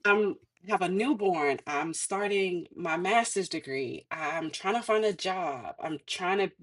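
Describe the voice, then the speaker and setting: A woman in her thirties, a podcast guest, telling a personal story in casual chat, animated and laughing often as she acts out what others said. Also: on the low side, unhurried.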